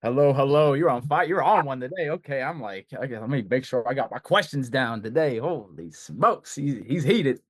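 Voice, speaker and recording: A man's voice: medium pitch, lively intonation, normal speed, hardly any pauses. A man chatting upbeat on a coaching call, joking and reporting his progress. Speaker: coaching client. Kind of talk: casual call chat.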